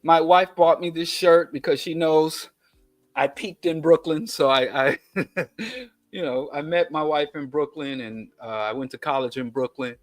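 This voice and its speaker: A man's voice: on the high side, fairly even intonation, measured pace, no room sound, soft background music. A man with a Kansas City twang hosting a political commentary monologue, digressive with emphatic lists and chatty asides. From Kansas City, USA. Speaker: show host.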